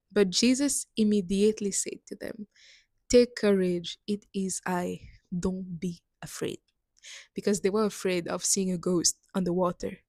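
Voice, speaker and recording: Young woman, middle-pitched voice, earnest testimony, dry close sound. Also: no room sound. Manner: earnest, emotional, laughs between lines. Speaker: missionary sharing testimony. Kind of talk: personal faith testimony.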